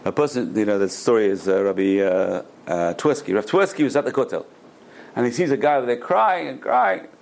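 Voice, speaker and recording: A middle-aged man teaching a Torah lecture as a rabbi, an animated storyteller who repeats words for emphasis and drops in Hebrew terms. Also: medium pitch, fairly quick, creaky. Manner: peppers speech with Hebrew terms.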